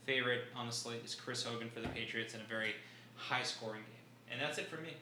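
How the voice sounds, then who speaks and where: Man in an echoey room, bright voice. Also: medium pitch, fast talker. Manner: laughs often, talks up picks. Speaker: podcast guest, fantasy sports analyst. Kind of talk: casual chat. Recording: roomy echo, faint background noise.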